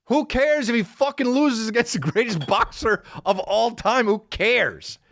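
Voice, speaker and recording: A man's voice: very high-pitched, animated, unhurried, fairly bright tone, dry recording. A man hosting a podcast, ranting casually in a profane, rambling way, full of restarts as he tells a story. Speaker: podcast host. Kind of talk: casual comedic rant. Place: podcast studio.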